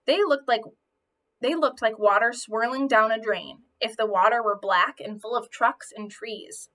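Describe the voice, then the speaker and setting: A woman reading a children's novel aloud, telling it in an expressive first-person voice. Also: on the high side, measured pace. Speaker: audiobook reader.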